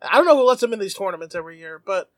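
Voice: medium pitch, lively intonation, very fast, no room sound. A podcast host recapping an episode in casual comedic chat, jumping into silly character voices as the story goes.

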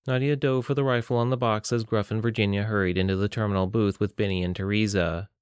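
Low-voiced male audiobook narrator. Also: steady tone, fast, clear, resonant tone, no room sound, clean studio sound. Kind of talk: scripted narration.

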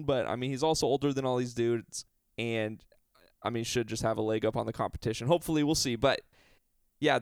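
A man co-hosting a casual podcast, talkative and quick to explain. His voice is smooth and clear, medium in pitch. The recording is dry and close. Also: dry recording. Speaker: podcast co-host. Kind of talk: casual chat about basketball.

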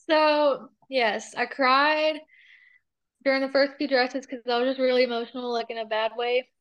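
Young woman guest, high-ish voice, chatty and animated storyteller. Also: unhurried, long pauses, lo-fi sound. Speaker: interview guest. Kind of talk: casual chat.

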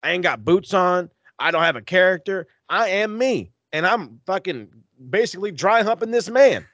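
A young man rants bluntly in casual podcast chat, swearing freely. His voice sits a little high, and the recording is dry and close. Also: normal speed, no room sound, muffled recording. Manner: blunt, profane, animated ranting. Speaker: podcast co-host.

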